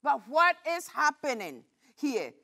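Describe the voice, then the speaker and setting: High-voiced woman pastor preaching. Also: takes it slowly, gravelly. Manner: animated storytelling preacher, rhetorical questions. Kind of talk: sermon.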